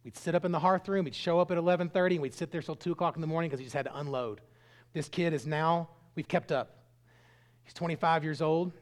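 A middle-aged man preaching a sermon, telling stories earnestly and swinging between loud bursts and hushed lines. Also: a little high, steady tone, fast. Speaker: pastor.

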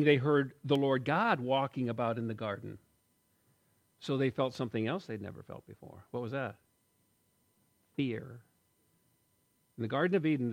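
A man in his sixties giving a sermon, telling a story with jokes and asides in a lively way. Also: medium pitch. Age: 60s. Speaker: pastor.

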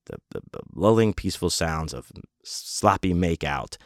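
A man's voice: low-pitched, sing-song, normal speed, vocal fry, no room sound, clean studio sound. A man telling a casual, rambling story full of swearing, fillers and restarts.

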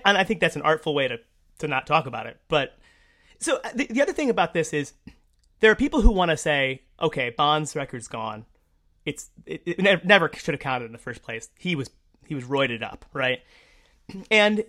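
Woman, sports podcast co-host, casual rant, lively swinging pitch, lots of fillers. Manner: animated, ranting, many fillers and restarts.

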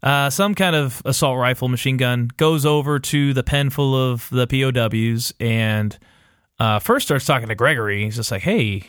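In a dry, clean studio recording, a man with a medium-pitched, fairly bright, clean-toned voice speaks at normal speed. As a podcast co-host, he recaps a TV episode casually and ramblingly, loaded with fillers, swearing and quoted asides.

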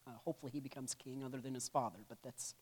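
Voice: mid-range voice, steady tone, racing, a little mellow, slight background noise. A church history teacher giving a conversational classroom lecture, with humorous asides and frequent "right?" check-ins.

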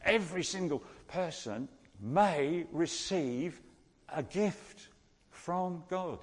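A man preaching a sermon, teaching slowly and repeating key phrases for emphasis. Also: a little high, lively intonation, husky, long reverb tail.

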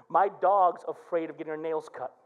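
A man's voice: on the high side, measured pace, phone-quality sound. A middle-aged male pastor preaching a sermon, telling stories and acting out prayers. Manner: animated preaching with quoted prayers.

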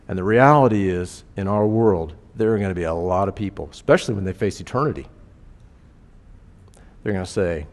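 A male pastor preaching a sermon, moving between hushed reflection and rising fervent exhortation. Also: deep voice, animated, brisk. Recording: long hall reverb.

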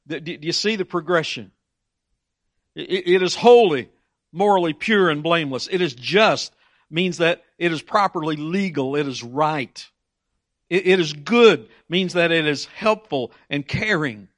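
A man's voice: fairly high pitch, lively intonation, normal speed, fairly bright tone, dry recording. Emphatic preacher man, dry close sound. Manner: emphatic, repeats words in restarts. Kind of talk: sermon.

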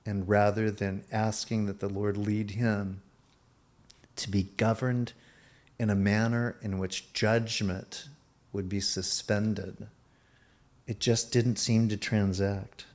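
A man's voice: lowish voice, level tone, slow. A male pastor preaching a sermon in an emphatic style, pressing his listeners and shifting his pace.

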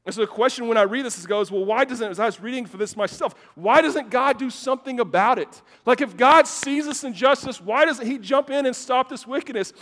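A man's voice: extremely high pitch, fairly quick, few pauses, a bit bright. A man preaching a sermon to a congregation in a church, weaving in personal stories and often repeating words at the start of phrases. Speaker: pastor. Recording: long hall reverb.

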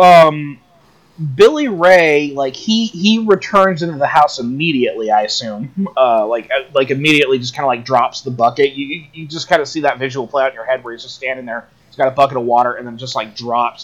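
A man's voice: mid-range voice, a little fast. A man co-hosting a podcast, telling a story in a rambling way with lots of fillers. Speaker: podcast co-host. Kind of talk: casual chat.

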